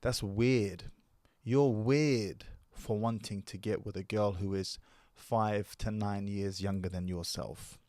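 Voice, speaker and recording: Measured man lecturing into the mic. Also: fairly low pitch, fairly even intonation, a little mellow, no room sound, studio quality. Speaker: commentary channel host. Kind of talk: commentary video monologue.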